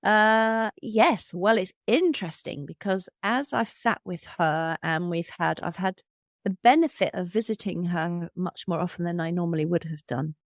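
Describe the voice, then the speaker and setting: A woman in her fifties, a podcast host and medium, telling personal stories in a candid, thoughtful way with soft laughs. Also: lowish voice, moderate pace, no room sound, studio quality. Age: 50s. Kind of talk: reflective interview conversation.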